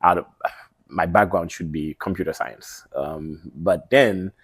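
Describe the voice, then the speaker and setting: A man's voice: sits low, measured pace, breathy edge, dry recording, clean studio sound. A man with a Haitian accent, a media host telling his story in a casual interview, hesitant with many ums.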